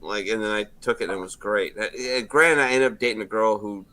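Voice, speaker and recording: Bright-voiced man telling rowdy stories. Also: lowish voice, fairly quick. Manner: profane, loud storytelling with acted-out quotes. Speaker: podcast host. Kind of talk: casual bar-room chat.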